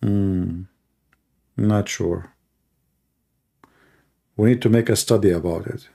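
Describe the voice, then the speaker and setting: Male apologist, mellow, gravelly voice, dry sarcastic delivery. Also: lowish voice, fairly even intonation, takes it slowly. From Middle East. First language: Arabic. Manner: sarcastic, mocking. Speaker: Christian apologist. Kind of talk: mocking commentary and anecdotes.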